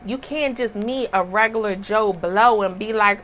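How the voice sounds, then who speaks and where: Spiritual reader, woman, slightly hoarse; slow, emphatic, preachy delivery with a bright edge. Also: mid-range voice, low-quality recording. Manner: emphatic and preachy, with rhetorical asides. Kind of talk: casual spiritual reading.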